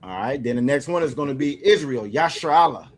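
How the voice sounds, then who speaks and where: A man teaching an online class, encouraging a student and repeating words slowly for practice. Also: fairly high pitch, lively intonation.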